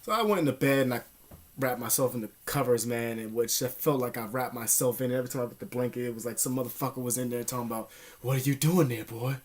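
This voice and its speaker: A young man casually telling a story to his vlog audience, slangy and profane, animated, sometimes dropping to a whisper. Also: medium pitch, quick pace. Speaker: vlogger.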